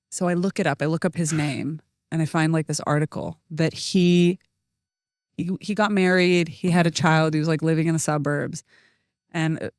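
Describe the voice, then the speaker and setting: A young adult woman, a podcast co-host, telling a story in casual chat, animated and laughing often. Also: sits low, clean tone, dry recording, clean studio sound. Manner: animated, laughs often, acts out quoted voices.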